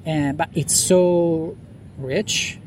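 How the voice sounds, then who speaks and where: Speaking extremely slowly, this podcast guest has a high-leaning, darkish voice with fairly even intonation, and faint hiss or hum is audible. Recorded on a lawn outdoors at night, his casual interview chat rambles, full of fillers and restarts.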